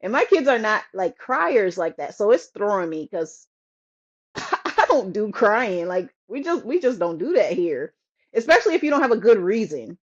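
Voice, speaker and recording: Female co-host, animated pitch, exasperated and laughing delivery, dull remote audio. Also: moderate pace. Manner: expressive, laughing, exasperated parenting rant. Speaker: podcast co-host. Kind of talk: casual chat.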